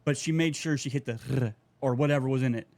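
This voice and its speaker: A man's voice: mid-range voice, fast talker. A man, co-hosting a podcast and riffing in a profane, ranting way. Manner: ranting, profane, animated tangents. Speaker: podcast co-host. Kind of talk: casual chat.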